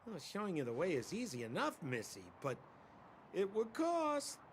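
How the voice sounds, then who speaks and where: An actor playing a sly, talkative male smuggler guide in a game cutscene, with smooth salesman patter. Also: high-pitched, huge pitch swings, moderate pace, slight background noise, full character voice.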